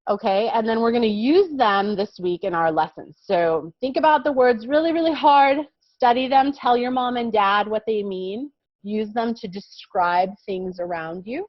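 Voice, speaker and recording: Brief: American woman, kindergarten teacher, gentle and encouraging, slightly dull lo-fi sound. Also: mid-range voice, no room sound. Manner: patient, encouraging, explains slowly with many "okay?" checks. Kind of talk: online vocabulary lesson for young children.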